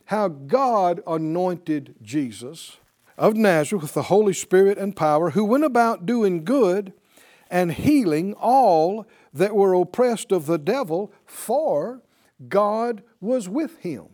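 A man with a high, very animated voice teaches a Bible class in a classroom. He talks slowly and with emphasis, pausing to quiz his students with questions.

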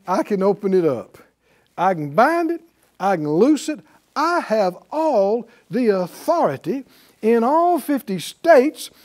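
A man preaching a sermon as pastor, animated and asking the congregation rhetorical questions. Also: high voice, unhurried.

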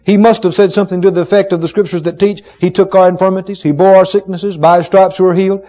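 High-voiced preacher guy getting loud and dramatic, kinda dull lo-fi sound. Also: little pitch movement, fast. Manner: emphatic, dramatic retelling with rising shouts. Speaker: pastor. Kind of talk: sermon. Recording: dull lo-fi sermon recording.

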